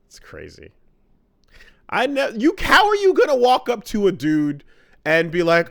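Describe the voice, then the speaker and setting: A man's voice: high voice, very animated, normal speed, gravelly. A man co-hosting a podcast, chatting casually and profanely and acting out movie scenes. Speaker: podcast co-host. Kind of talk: casual chat.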